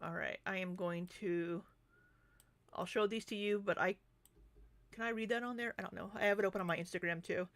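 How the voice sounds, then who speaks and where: Brief: woman commentary YouTuber, rambling casual chat, mid-pitched, dry close mic. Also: steady tone, a little fast, pauses often, fairly bright tone, dry recording. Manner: chatty and rambling, with frequent ums and asides.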